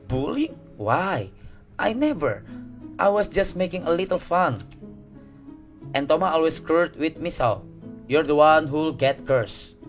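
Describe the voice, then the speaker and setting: A man's voice: fairly high pitch, sing-song, unhurried, long pauses, soft background music. A man voicing a mean teenage girl who leads the bullies, snide and mocking, with an Indonesian accent. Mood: defensive.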